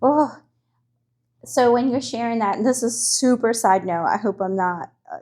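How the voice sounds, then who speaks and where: A woman's voice: on the high side, moderate pace, darkish tone. A middle-aged woman, a mother, talking casually and with feeling, openly empathetic in conversation. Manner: emotional, empathetic, candid.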